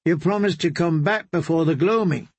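An earnest, timid young man whose husky voice rises as he pleads, as a man voices him for an audiobook. He protests and begs in dry, close sound. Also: on the high side, moderate pace, darkish tone, no echo. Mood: earnest pleading.

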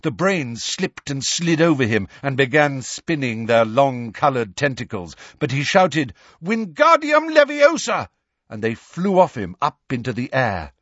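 A man reading a novel aloud as narrator, dramatic and expressive. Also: medium pitch, a little slow, hardly any pauses, dry recording, lo-fi sound. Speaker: audiobook narrator. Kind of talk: scripted narration.

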